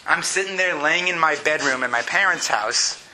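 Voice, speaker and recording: A middle-aged male pastor preaches a sermon, earnest and personal, telling stories with laughs and building to fervent emphasis. His voice is fairly high, pushed and bright, at a normal pace. The recording is rough with slight background noise.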